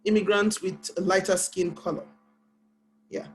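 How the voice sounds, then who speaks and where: A woman's voice: mid-range voice, steady tone, low-quality recording. A woman from Nigeria with a Nigerian English accent, a panel guest and author telling her story earnestly and pacing her words with care. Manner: earnest, deliberately paced speech.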